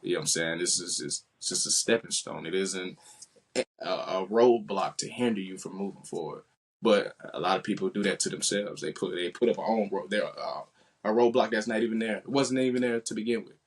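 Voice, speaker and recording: Low-voiced young man, animated storyteller. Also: brisk. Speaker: interview guest. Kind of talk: casual interview storytelling.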